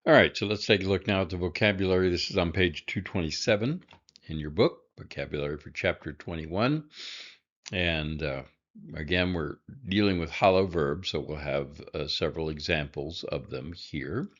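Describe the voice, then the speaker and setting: Male teacher, very low voice, unhurried, halting delivery with fillers, dull lo-fi recording. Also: a bit bright. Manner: halting, many fillers, dry asides. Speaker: Hebrew teacher. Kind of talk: recorded classroom lesson.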